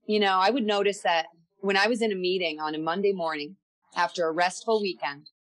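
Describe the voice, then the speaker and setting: A woman's voice: lowish voice, fairly even intonation, fairly quick. A woman as a podcast guest, telling her own story candidly and reflectively, often repeating words as she gathers her thoughts.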